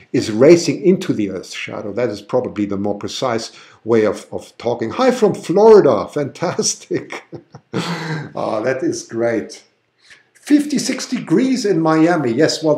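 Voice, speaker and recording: A man's voice: fairly high pitch, darkish tone. A chatty man with a German-tinged accent and a slightly raised voice hosts a live stream. He exclaims often and talks enthusiastically as he reads out viewer comments. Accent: German-tinged English. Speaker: livestream host and photographer. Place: home, then outdoors at night.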